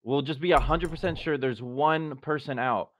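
A man's voice: on the high side, moderate pace, a bit bright, no room sound. A man in casual gaming chat, pleading and trying to persuade a teammate. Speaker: game player.

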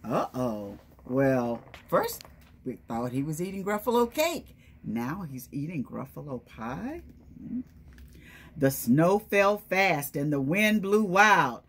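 Slow, lively woman reading to preschoolers. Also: low-pitched, slightly rough. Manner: animated, questioning the children and calling on them by name. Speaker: children's storytime presenter. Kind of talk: reading a picture book aloud to young children.

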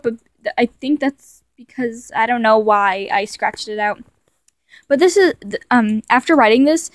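Young woman, casual self-mocking commentary, stumbling, higher voice, dry close sound. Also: no room sound. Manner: rambling and self-mocking, stumbles and corrects herself. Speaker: video creator. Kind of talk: casual commentary reading her childhood stories aloud.

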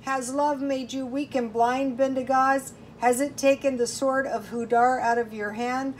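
A woman's voice: high-pitched, steady tone, a little slow, slight background noise. A woman voicing a stern old male prophet who rises to wrathful rebuke in a storybook reading. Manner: rising to thunderous rebuke.

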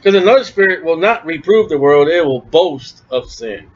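A man preaching a forceful, emphatic sermon on scripture. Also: on the high side, expressive, normal speed, hardly any pauses. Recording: dull lo-fi recording.

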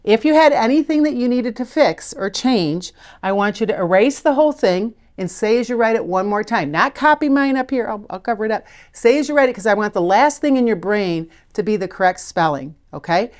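A middle-aged woman teaching a spelling lesson on video, patient and encouraging, sounding out letters slowly. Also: a little high, lively intonation, darkish tone. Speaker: literacy teacher.

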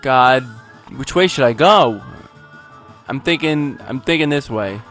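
Over faint background music, a man gives game commentary in an expressive, fairly bright, medium-pitched voice at a measured pace. He plays and narrates in a goofy, rambling way, mocking himself and bursting out without warning.

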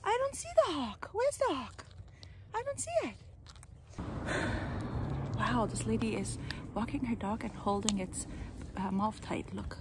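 A woman vlogging in a sunny park with her parrots, talking in a bubbly, excitable way. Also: a little high, measured pace, long pauses, background noise. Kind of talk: casual outdoor vlog.

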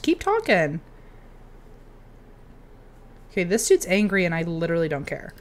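A young woman giving casual, excitable commentary while playing a video game, cheering on her character. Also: lowish voice, quick pace. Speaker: game streamer.

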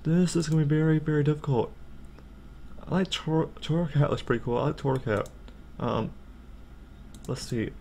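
A young man giving casual, jokey let's play commentary and reading game text aloud, excitable and prone to sudden outbursts. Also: normal speed, creaky, pauses often, a little hiss or hum. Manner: excitable, jokey, jumps to high-pitched outbursts. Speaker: gaming channel host.

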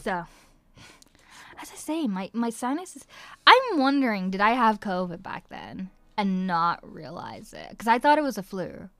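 Irish woman, voice actress, giggly casual chat, unhurried, lively sing-song pitch. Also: no room sound. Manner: chatty and giggly, muses aloud while writing. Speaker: voice actress signing autographs. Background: faint background music.

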